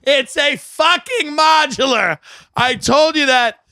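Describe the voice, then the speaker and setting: A wild, foul-mouthed salesman bellows in a high, bright, sharp voice, as a male comedian acts him out. He screams and curses at full force, all raw temper and no patience. The sound is dry and close. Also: slow pace, no room sound, full character voice. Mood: furious yelling. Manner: screaming, cursing.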